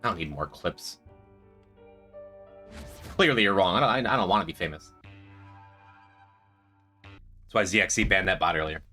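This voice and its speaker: This young streamer has a low, bright, forceful voice and speaks at a moderate pace with long pauses, soft music behind him. As he plays, he keeps up a casual, joking chat with viewers, reading and answering their messages.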